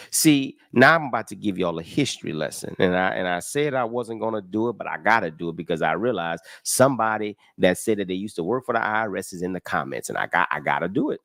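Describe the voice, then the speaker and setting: A man's voice: fairly low pitch, creaky, dry recording, studio quality. A man giving a casual, emphatic tax lesson, walking through a form line by line and asking his listeners rhetorical questions. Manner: emphatic and animated, with rhetorical questions and folksy talk; walks through a form line by line, counting aloud. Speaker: tax educator. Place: live stream with comments.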